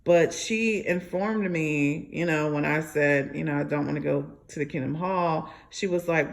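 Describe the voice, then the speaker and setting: A woman's voice: sits low, measured pace, gravelly, hardly any pauses. A young adult woman telling her own story in a rambling way, with many fillers and restarts. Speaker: ex-member sharing her story. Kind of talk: personal storytelling monologue.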